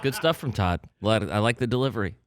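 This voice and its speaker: A man's voice: lowish voice, animated, fast talker. A man, a regular on a talk show, teasing a coworker in dry, mock-supportive banter. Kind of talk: casual studio banter.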